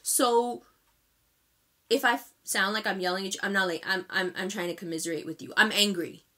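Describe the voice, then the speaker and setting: A woman's voice: mid-range voice, brisk, sharp tone. A woman in her thirties giving a tarot reading straight to her viewers, speaking with emphatic, impassioned directness. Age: 30s. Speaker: tarot reader. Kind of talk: direct-to-camera monthly reading.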